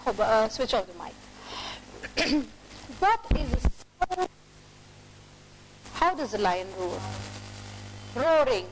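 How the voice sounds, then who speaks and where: Woman, storytelling coach, theatrical, animated pitch, very slow pace. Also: noisy background. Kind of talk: storytelling demonstration.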